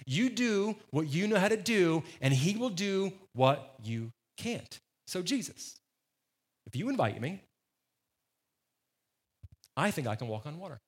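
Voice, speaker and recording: High-voiced man preaching a sermon. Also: very animated, a little slow, long pauses. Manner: emphatic, conversational, repeats phrases for stress. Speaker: pastor.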